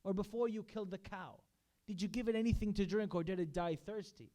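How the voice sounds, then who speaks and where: A man's voice: sits high, a little fast, mellow. A man giving a sermon at a religious gathering, earnestly recounting stories with quoted speech. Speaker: majlis speaker. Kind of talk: sermon storytelling. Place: religious center hall.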